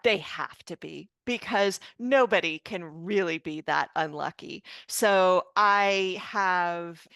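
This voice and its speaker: A woman's voice: lowish voice, pushed and bright, smooth, no echo. A woman in her fifties, a doctor and mother, earnestly telling a personal story in an interview. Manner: slow, earnest, emotional recounting. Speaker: physician and parent guest.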